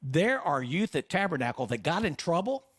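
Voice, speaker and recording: A man's voice: fairly high pitch, big pitch swings, moderate pace, no echo, studio quality. A middle-aged man preaching a sermon as pastor, passionate and full of rhetorical questions. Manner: impassioned, rhetorical questions, voices doubts.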